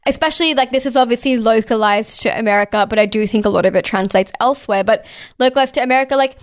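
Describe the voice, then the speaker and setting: Impassioned woman with a smooth, fairly high voice. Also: fast talker. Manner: impassioned, swears often, heavy use of "like". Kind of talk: casual political discussion.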